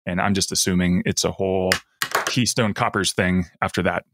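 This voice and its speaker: A man's voice: sits low, steady tone, moderate pace, background noise. A man co-hosting a podcast, casually recapping an episode and acting out lines in a raised voice. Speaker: podcast co-host.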